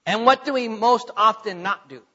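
A man's voice: high voice, normal speed, sharp tone, husky, big-room sound, highs cut off. A man, a pastor, preaching a sermon to his congregation in a conversational way, growing emphatic as he retells scripture.

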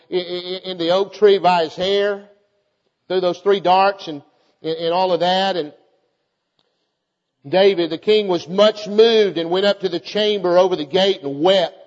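A man's voice: high-pitched, fairly even intonation, moderate pace. A man preaching a fervent sermon, often calling out to his congregation and repeating his points. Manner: fervent, repetitive, calls out to the congregation. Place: church. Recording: dull audio with long church reverb.

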